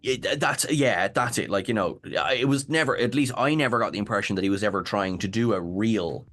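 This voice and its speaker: Irish man co-host, low-ish voice, animated, halting. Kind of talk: casual discussion.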